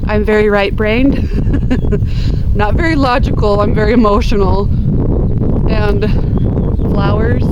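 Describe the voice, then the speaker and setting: A woman's voice: medium pitch, heavy background noise. Chatty woman cutting flowers in her garden. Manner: chatty, gushing over flowers, talks to viewers while cutting. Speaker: gardening vlogger. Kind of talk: casual garden vlog talk. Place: outdoor home garden. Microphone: camera on a tripod.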